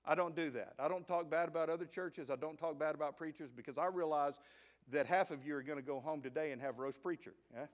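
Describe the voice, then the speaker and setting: A Southern US pastor with a voice a little high preaches fast in a lively sermon. He slips in quiet jokes and asides, then breaks into shouted praise.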